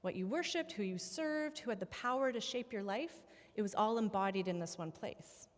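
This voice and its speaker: A woman's voice: mid-range voice, moderate pace, in a large hall. A woman pastor giving a sermon in a conversational, reflective way, with fillers and restarts. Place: church sanctuary.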